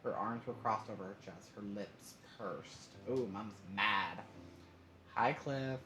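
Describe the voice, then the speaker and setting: A man's voice: on the low side, a little slow, bright, forceful tone. A man streaming live, reading a story game aloud with casual asides. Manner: reads aloud with asides and laughs. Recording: roomy echo, faint noise.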